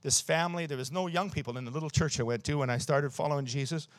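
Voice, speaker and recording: Emphatic preacher around sixty. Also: male voice, a little high, fast talker, no room sound, studio quality. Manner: emphatic, storytelling preacher, chuckles at his own jokes. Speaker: pastor. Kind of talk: sermon. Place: church.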